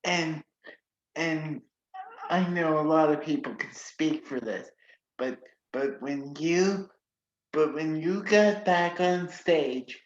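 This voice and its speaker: Slow-talking woman host, roomy lo-fi sound. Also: sits low. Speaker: interview host. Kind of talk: casual interview chat.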